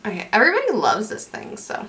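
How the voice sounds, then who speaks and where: A woman's voice: medium pitch, huge pitch swings, fast talker, sharp tone. A young woman chatting casually through a makeup tutorial, rambling and correcting herself as she goes. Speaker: beauty vlogger.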